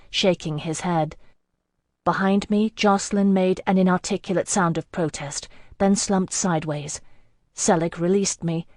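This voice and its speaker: Low-voiced woman narrating a novel. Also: no room sound, clean studio sound. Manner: even, measured first-person narration. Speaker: audiobook narrator. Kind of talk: scripted narration.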